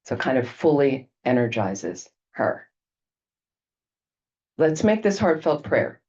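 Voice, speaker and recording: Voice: mid-range voice, big pitch swings, takes it slowly, darkish tone. A Buddhist retreat teacher talking a group through a detailed visualization, checking in with frequent "okay"s. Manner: peppers explanations with frequent "okay" check-ins. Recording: dull lo-fi recording.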